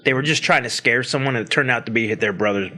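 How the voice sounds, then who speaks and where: A man's voice: medium pitch, fast talker, sharp tone. A man from central Pennsylvania, co-hosting a podcast in casual chat, who laughs often and retells movie scenes with quoted lines. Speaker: podcast co-host.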